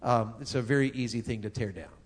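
Preacher guy, fifties, folksy and jokey, keeps asking the crowd stuff, middle-pitched voice. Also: fast. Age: 50s. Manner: folksy, joking, talks with the crowd. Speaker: pastor. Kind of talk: sermon on marriage.

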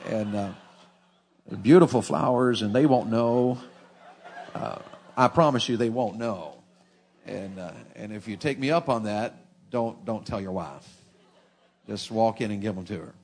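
A middle-aged man, preaching a sermon with folksy, animated humor. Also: fairly high pitch, moderate pace, pauses often.

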